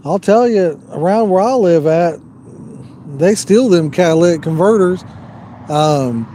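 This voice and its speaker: A man's voice: high voice, dark tone, slight background noise. A man hosting a live fishing stream outdoors, rambling easily and reading viewer comments aloud. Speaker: fishing livestream host. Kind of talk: casual live-stream chat.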